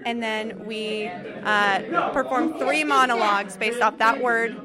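A woman leads an improv session and explains a game casually, hesitating with fillers. Her voice is fairly high. A loud crowd rumbles behind her. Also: takes it slowly. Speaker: improv group organizer. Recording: loud crowd in a live room.

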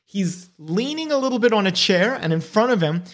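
A man running a tabletop game as game master, narrating in a relaxed, descriptive way. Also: sits high, a little fast.

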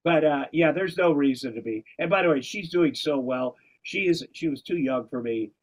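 A man's voice: a little high, moderate pace. A man talking in a casual, rambling way, wandering off on tangents and restarting his sentences. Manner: rambling, digressive, many restarts. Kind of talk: casual conversation. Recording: dull, lo-fi sound.

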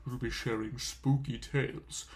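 A man's voice: mid-range voice, fairly even intonation, unhurried, reverberant. A man co-hosting a comedic podcast, joking around playfully and theatrically. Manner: playful, theatrical, breaks into spooky voice bits. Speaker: podcast co-host.

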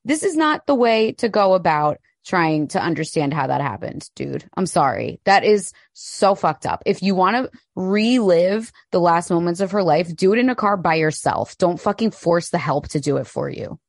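A young adult woman co-hosts a casual podcast chat, blunt and openly indignant, with curses scattered through her talk. Her voice sits on the low side for a woman. The recording is close and dry. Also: lively intonation, moderate pace, gravelly, few pauses, no room sound. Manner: blunt, indignant, swears freely. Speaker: podcast co-host.

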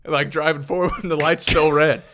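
A young man co-hosting a casual podcast chat, ranting in an animated way with lots of swearing. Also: fairly high pitch, a little fast, background noise. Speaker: podcast co-host.

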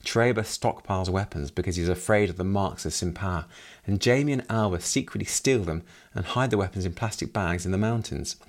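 Deep-voiced man hosting a book podcast. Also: brisk. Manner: plot summary with wry asides. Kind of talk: solo book review podcast.

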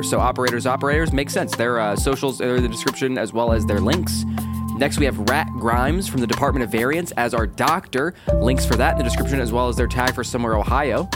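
A man hosting a podcast, casually reading out the cast credits and thanking everyone. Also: medium pitch. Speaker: podcast host. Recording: loud music under the voice. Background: guitar music.

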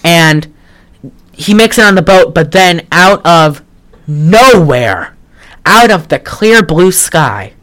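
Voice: medium pitch, animated, slow pace, fairly bright tone. A podcast co-host recapping a film in casual chat, rambling with lots of "like" and wry, sarcastic asides. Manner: trails off and restarts often.

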